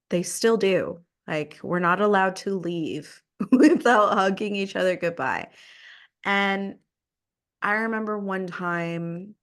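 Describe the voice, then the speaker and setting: A woman podcast host telling a personal story in an earnest, emphatic way. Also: on the low side. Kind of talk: casual conversation.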